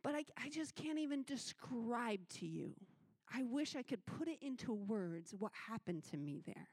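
A woman youth minister giving a missions testimony sermon, telling her story in an animated way and acting out the voices she quotes. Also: fairly high pitch, normal speed, dry recording.

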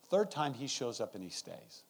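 A man's voice: medium pitch, normal speed, slightly rough. A man and guest pastor preaching a sermon in a church service, acting out his stories. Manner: animated storytelling, acting out scenes.

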